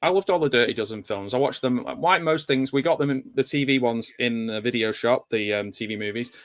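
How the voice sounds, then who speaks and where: A man's voice: medium pitch, fairly quick. A man giving a casual, rambling live commentary while watching a movie, drifting into nostalgic asides. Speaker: film commentator.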